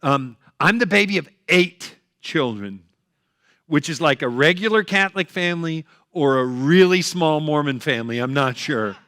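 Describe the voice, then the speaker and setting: Bright-voiced older male stand-up comic. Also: on the high side, expressive, normal speed, dry recording, studio quality. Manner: punchy, joking, chatty. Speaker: comedian. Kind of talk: stand-up comedy set.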